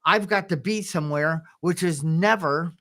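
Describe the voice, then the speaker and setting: A man co-hosting a podcast, telling rambling personal stories, often chuckling and clearing his throat. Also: a little high, moderate pace, a bit bright. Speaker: podcast co-host. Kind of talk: casual podcast conversation.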